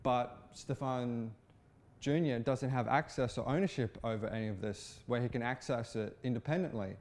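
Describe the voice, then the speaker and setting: A man giving satirical political commentary in an informal, halting way, with frequent restarts. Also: mid-range voice, darkish tone. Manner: informal, repetitive restarts, occasional swearing.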